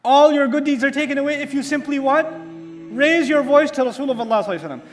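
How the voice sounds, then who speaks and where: A man giving an Islamic lecture, telling a story with dramatic pauses and asking the audience rhetorical questions that he then answers himself. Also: extremely high pitch. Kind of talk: religious lecture. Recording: hall reverb with faint music.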